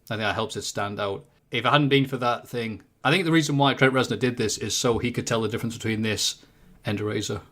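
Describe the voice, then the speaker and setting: A man with a British accent, a podcast guest talking music in casual chat, jokey and animated as he tells his take. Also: medium pitch, fast talker.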